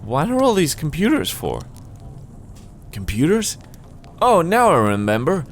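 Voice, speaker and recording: A man reading game dialogue as a rambling, flustered cave writer who talks in high, excited bursts and keeps restarting his sentences. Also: moderate pace, slight background noise, close to an everyday voice. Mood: eager. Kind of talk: voice acting a game's dialogue.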